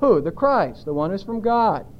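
A man delivers a sermon with a notably high voice, pressing his points with emphasis. He throws rhetorical questions out to the congregation. The recording is muffled and lo-fi, with its highs dulled. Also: very animated, normal speed. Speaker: pastor. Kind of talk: expository sermon.

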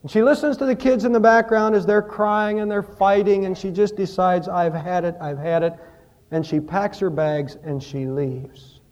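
A pastor preaching a sermon, telling stories and rising and falling in emphasis. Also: male voice, sits high, moderate pace, hardly any pauses, a little mellow, dull audio.

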